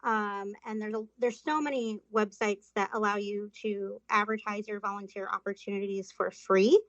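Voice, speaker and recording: A woman's voice: medium pitch, fairly even intonation, moderate pace, fairly bright tone, dry recording. A woman from Florida, a volunteer manager and podcast guest, answers questions earnestly with many ums. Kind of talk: interview answers. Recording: dull, dry remote recording.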